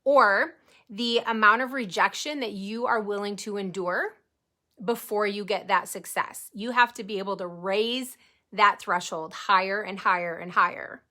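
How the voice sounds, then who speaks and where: A woman in her forties giving an energetic, chatty live training to her sales team, talking straight to her viewers. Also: mid-range voice, unhurried. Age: 40s. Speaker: network marketing team leader.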